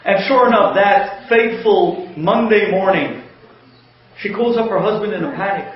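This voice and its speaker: A man tells a humorous inspirational story, animated and chuckling as he goes. His voice sits fairly high. The recording is lo-fi and dull, with a heavy, roomy echo. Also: moderate pace. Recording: very echoey, dull lo-fi audio.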